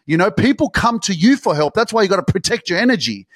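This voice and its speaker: A man delivers a motivational podcast monologue, intense and profane, repeating his points for emphasis. His voice sits somewhat high for a man. The recording is dry and close, with no room sound. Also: very animated, fast, fairly bright tone, no room sound. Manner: intense, swearing, repetitive, pep-talk emphasis. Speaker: podcast host.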